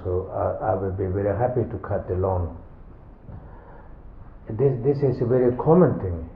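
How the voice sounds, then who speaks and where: Slow halting man giving a dharma talk. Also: fairly low pitch. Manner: slow, halting, simple phrasing. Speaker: Buddhist teacher. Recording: echoey, phone-like sound.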